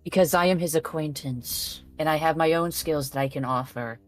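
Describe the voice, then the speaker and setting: A woman's voice: low voice, normal speed, soft background music. Offhand woman player at a game table. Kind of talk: casual chat.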